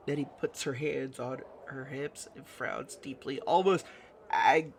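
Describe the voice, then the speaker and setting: A man reading game dialogue aloud with commentary in a slow, musing, low-key way. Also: gravelly, a little hiss or hum.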